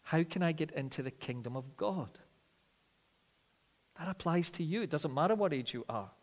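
A man's voice: on the high side, expressive, normal speed. Emphatic male preacher in a reverberant hall. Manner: emphatic, swings between loud declarations and quiet reflection. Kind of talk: sermon.

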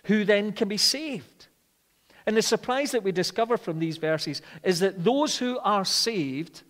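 A male preacher delivering a sermon with a fairly high voice. He hammers his points home, then drops to a hush before rising again. The sound carries a long reverb from a large hall. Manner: emphatic, swings between loud declarations and quiet reflection.

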